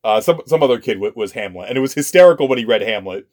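A man chats on a podcast in an animated, eager way. He often stumbles and repeats words as he restarts his thoughts, with his voice sitting at a middle pitch. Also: quick pace. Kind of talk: casual chat.

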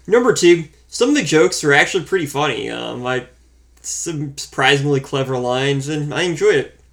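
A man co-hosting a casual movie review chat, relaxed and wry as he counts off his points. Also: a little high, normal speed, gravelly. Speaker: podcast co-host reviewing a film.

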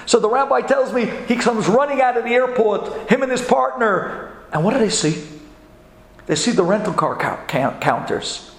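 A man, a rabbi, telling a story in an animated, dramatic sermon style. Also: very high-pitched, normal speed. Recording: echoey hall with long reverb.

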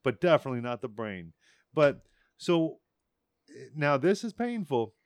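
A man's voice: medium pitch, big pitch swings, unhurried, no echo, studio quality. A man co-hosting a casual podcast as an IT expert, easygoing, laughing often and explaining things plainly.

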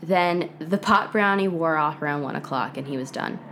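A woman in her twenties talks as a podcast guest, her voice sitting noticeably low. She tells her story in a loose, chatty way, scattering "like" and "um" through every sentence. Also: moderate pace, a bit bright, slight background noise. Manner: chatty, heavy use of "like" and "um". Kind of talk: casual storytelling interview.

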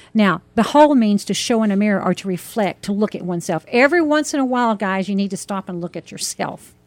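A woman's voice: mid-range voice, dry recording. A woman minister teaching a sermon in an earnest, preacherly way, stressing key words.

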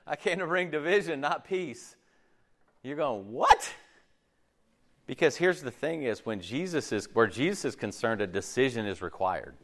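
A man preaching a sermon in an animated, conversational way, acting out quick asides. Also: mid-range voice. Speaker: pastor.

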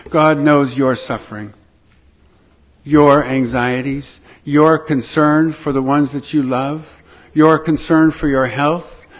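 Slow husky male preacher. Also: on the high side. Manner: slow, emphatic preaching with dramatic pauses. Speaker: pastor. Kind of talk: sermon.

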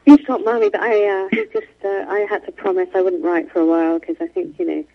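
A woman's voice: fairly low pitch, huge pitch swings, fast talker, creaky, phone-quality sound. A woman author, speaking in an interview from London and talking with many restarts and asides. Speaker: author guest. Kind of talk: remote interview conversation. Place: home in London.

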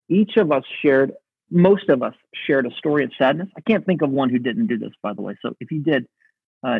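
A pastor preaching a sermon in an earnest, reflective way, slowing down to stress key words. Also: male voice, medium pitch, slightly rough, dry recording. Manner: earnest, reflective, slows for emphasis. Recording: dry, phone-like narrow sound.

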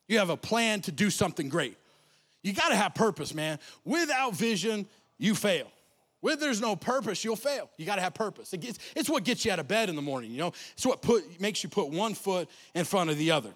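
A man giving a comic motivational talk, telling stories with animated, slangy delivery. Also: high voice, a little fast. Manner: animated storytelling, casual slang. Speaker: motivational speaker. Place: festival stage.

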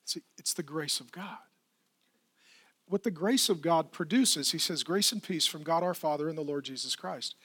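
A man's voice: fairly high pitch, moderate pace, a bit bright, slightly rough. A middle-aged man preaching a sermon, telling stories with retold dialogue and driving points home with repetition and rhetorical questions. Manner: conversational storytelling, retelling dialogues. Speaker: pastor.

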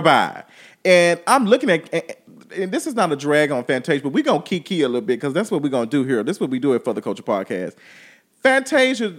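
Guy ranting hard on his podcast, kinda high voice, swearing nonstop. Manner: loud, exasperated, heavy swearing. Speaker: podcast host. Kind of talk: profane comedic rant.

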